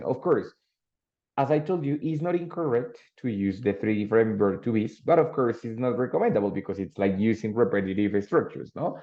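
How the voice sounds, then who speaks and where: A man's voice: on the low side, lively intonation, a little fast. A man teaching an English grammar lesson, explaining patiently and checking in with students with "no?" and "ready?". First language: Spanish. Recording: dull lo-fi sound.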